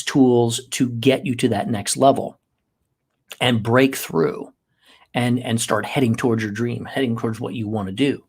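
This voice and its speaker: This podcast host has a husky, medium-pitched voice. He delivers an emphatic motivational monologue, repeating key phrases to urge the listener on.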